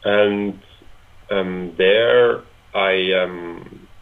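A Swiss man in his twenties chats casually as an interview guest, hesitant and full of fillers and restarts. His voice sits low with fairly even intonation and vocal fry, he speaks very slowly, and the line sounds tinny and phone-like.

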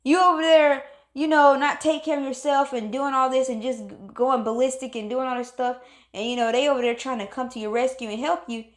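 A woman's voice: high-pitched, fairly even intonation, fairly quick. A woman giving a motivational pep talk, emphatic and preachy, repeating phrases for stress. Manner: calls on God in exclamations. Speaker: motivational speaker.

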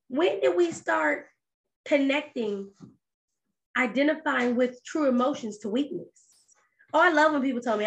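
Animated woman podcaster asking rhetorical questions. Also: high voice, moderate pace, pauses often. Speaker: podcast host. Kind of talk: casual monologue.

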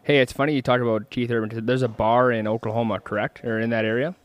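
A man's voice: mid-range voice, fairly even intonation, fast talker, clean tone. A man hosting a casual podcast chat, joking and playful with his guest. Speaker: podcast host.

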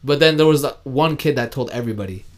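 A young man co-hosting a podcast in casual chat, chiming in with quick remarks that egg on the storyteller. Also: medium pitch. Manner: quick interjections, eggs on the storyteller. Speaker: podcast co-host.

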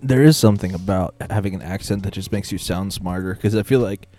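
A man's voice: fast talker, soft background music. A young American man co-hosting a podcast in casual chat, joking and laughing often. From United States. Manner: jokey, laughs often, breaks into loud high laughter. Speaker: podcast co-host.

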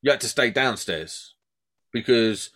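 A man chats casually in an expressive, exclamatory way and laughs often. His voice swings widely in pitch and has a bright, sharp edge. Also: measured pace. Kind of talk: casual chat.

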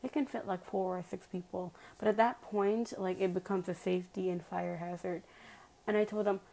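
Chatty woman with a mellow voice. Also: lowish voice, steady tone, normal speed, gravelly, rough recording. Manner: chatty and emphatic, full of "like" fillers, addresses viewers directly. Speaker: vlogger telling a personal story. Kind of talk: casual storytime monologue.

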